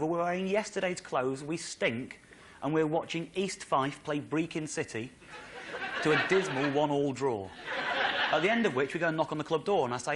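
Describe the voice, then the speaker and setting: An English man telling a story on stage as a stand-up comedian, excitable, with incredulous outbursts. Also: a little fast, heavy background noise. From England. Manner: excitable, builds to incredulous high-pitched outbursts. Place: stage in front of a live audience.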